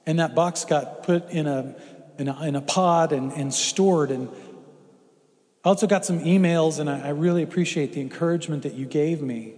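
A middle-aged guest preacher from Houston, Texas delivers a folksy, funny storytelling sermon in a church sanctuary. His voice sits on the high side with a darkish tone, and the recording carries a long hall reverb.

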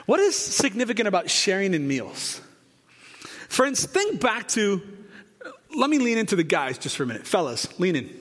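A pastor in his forties preaching a conversational sermon with jokes and asides, lifting his voice for emphasis. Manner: rises in pitch and volume for emphasis. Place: church sanctuary. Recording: long hall reverb.

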